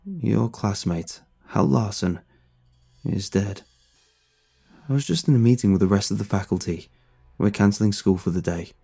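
A man voicing a drained, grieving middle-aged teacher who speaks in a quiet, halting way. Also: fairly low pitch, gravelly, slightly rough, faint music behind.

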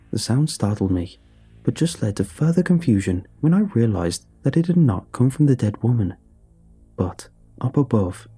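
A man reads a first-person horror story aloud with steady, dramatic pacing. His voice is very dark and mellow, with a husky edge. He sits a little low in pitch. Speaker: narrator.

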